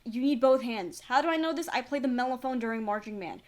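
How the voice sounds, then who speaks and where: A woman's voice: on the high side, expressive, quick pace, darkish tone. A young woman giving casual, rambling, self-deprecating commentary on a film, recorded on a laptop mic. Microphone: laptop built-in mic.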